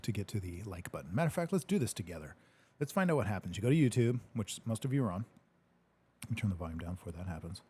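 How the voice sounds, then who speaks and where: Laid-back male livestream host, low and husky, casual and joking, swears freely. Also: warm tone. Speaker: podcast host reading live comments. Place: home studio.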